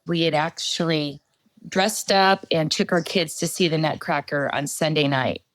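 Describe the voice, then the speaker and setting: A middle-aged woman giving a personal testimony as a podcast guest, halting storytelling with many fillers. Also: deep voice, steady tone, dry recording.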